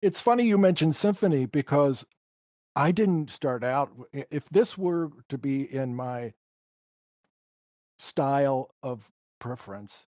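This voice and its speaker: A man's voice: medium pitch, expressive, unhurried, dark tone, no room sound. A man appears as a guest musician in a podcast interview. He tells personal stories in a reflective, emotional way. The recording is dry and close. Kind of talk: storytelling interview.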